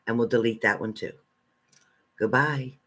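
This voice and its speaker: A man's voice: moderate pace, breathy edge. Blunt, combative male live-streamer. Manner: blunt and confrontational, talking back to commenters; swings between loud outbursts and low muttered asides. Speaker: live-stream host and spiritual reader. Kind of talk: casual live-stream chat, reading out viewer comments.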